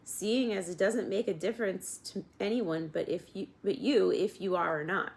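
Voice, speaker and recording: A woman's voice: mid-range voice, normal speed, creaky, lightly acted. A woman voicing a dutiful male soldier of the king who talks in a stiff, formal, patient way.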